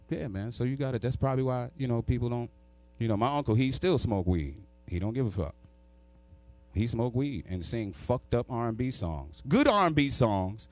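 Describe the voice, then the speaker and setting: Lively profane stand-up comic. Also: male voice, medium pitch. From New York. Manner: profane, storytelling, crowd work. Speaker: stand-up comedian. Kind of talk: stand-up comedy set.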